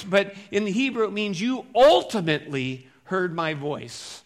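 A male pastor preaching a conversational sermon, moving between loud emphatic phrases and quiet, low asides. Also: expressive, normal speed, few pauses.

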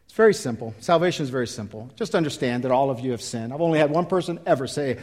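A man in his fifties preaching a sermon and leading an altar call, emphatic and swinging from loud exhortation to quiet pleading. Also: mid-range voice, lively intonation, fast. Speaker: pastor.

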